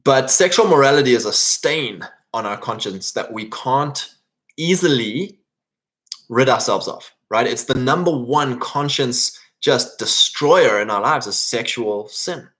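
A man's voice: mid-range voice, animated, measured pace, a bit bright. A man from England, preaching an informal sermon in a conversational way, often checking in with "right?" and restarting his phrases.

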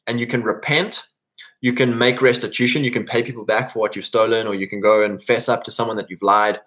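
A man's voice: mid-range voice, steady tone, brisk, fairly bright tone. Man preaching an informal sermon. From England. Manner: conversational, often asks "right?" and restarts phrases.

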